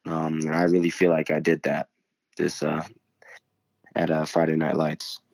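A teenage boy answering interview questions politely and a bit hesitantly, saying "sir" and pausing often with "um". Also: rumbling low, completely flat delivery, creaky, darkish tone, dry recording. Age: teens. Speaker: guest, high school quarterback.

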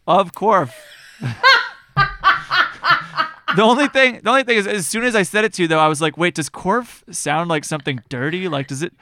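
A man co-hosting a casual podcast chat, goofy and quick to laugh at his own jokes. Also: sits high, sharp tone, clean tone, no echo. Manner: goofy, jokey, giggly. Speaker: podcast co-host.

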